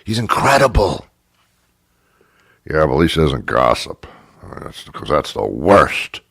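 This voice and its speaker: A man's voice: a bass voice, very animated, measured pace, gravelly, fairly bright tone, slightly rough, dry recording, studio quality. A man hosting a talk show, ranting sarcastically in a comic monologue. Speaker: radio talk show host.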